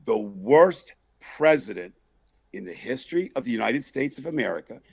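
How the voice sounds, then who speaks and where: A man hosting a comedic political chat show, loudly mocking and exasperated as he rants. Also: medium pitch, big pitch swings, moderate pace, creaky, husky, dry recording. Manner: loud, mocking, exasperated ranting. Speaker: podcast host.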